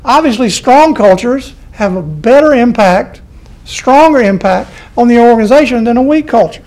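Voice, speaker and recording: A man's voice: very high voice, lively intonation, moderate pace, darkish tone. A middle-aged man with a Southern US accent giving a folksy, chatty college lecture and repeating his key points. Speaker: college professor. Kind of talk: classroom lecture.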